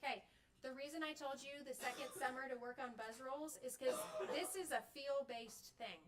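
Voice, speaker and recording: A woman's voice: high-pitched, steady tone, normal speed, recorded from a distance. A middle-aged woman leading a live workshop demonstration, explaining step by step and checking in with "okay?" and "right?" after each point. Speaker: clinician teaching band directors. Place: workshop room. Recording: voice from off the mic.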